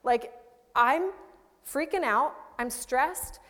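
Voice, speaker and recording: A woman's voice: high voice, extremely slow, sharp tone, big-room sound, heavily acted. A woman preacher voicing a frazzled, overwhelmed hostess who pleads in exasperation. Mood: exasperated.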